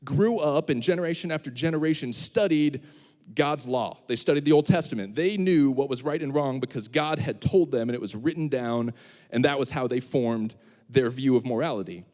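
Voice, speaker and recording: Speaking at a moderate pace in a mid-range voice, a young student pastor gives a funny sermon. He tells stories with lots of animation, performing different voices, and the sound carries a long hall reverb.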